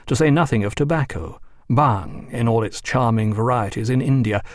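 Male audiobook narrator, measured, mid pitch, dry booth. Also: no room sound. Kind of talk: scripted narration.

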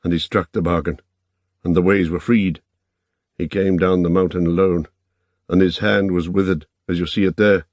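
A man's voice: sits low, steady tone, normal speed, a little mellow, no room sound, close to an everyday voice. A man voicing a grave, desperate old lord. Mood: solemn.

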